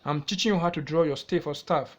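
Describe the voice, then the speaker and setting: A music teacher with a Nigerian English accent and a fairly high voice walks through a lesson step by step. He repeats key points and keeps checking in with the viewer through questions he then answers himself. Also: fairly quick. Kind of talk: classroom-style music theory lesson.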